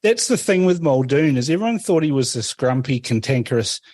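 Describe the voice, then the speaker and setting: Conversational New radio host. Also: male voice, medium pitch, lively intonation, brisk, darkish tone, dry recording. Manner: conversational, prompting. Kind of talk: interview questions.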